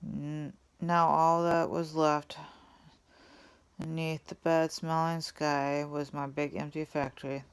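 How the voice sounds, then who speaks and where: A woman reading a storybook aloud in first person, softly and ruefully. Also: sits low, flat delivery, takes it slowly, smooth. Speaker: reader. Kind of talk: storybook read-aloud narration.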